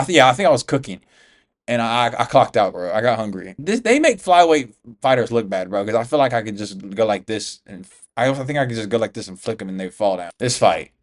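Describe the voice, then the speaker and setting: This is casual fight reaction talk from an American MMA YouTuber, slangy and profane, with "bro" aimed at everyone. His pitch is medium.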